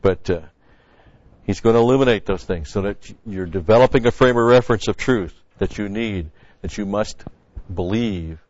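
A man's voice: lowish voice, moderate pace, darkish tone, no echo. A man preaching a sermon-style Bible teaching in a conversational, folksy way, repeating key phrases. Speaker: pastor. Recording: dry, dull lo-fi sound.

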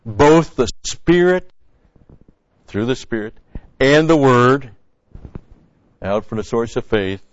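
A man's voice: mid-range voice, animated, slow pace, pauses often, no room sound. A man preaching a sermon-style Bible teaching in a conversational, folksy way, repeating key phrases. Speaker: pastor. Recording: dry, dull lo-fi sound.

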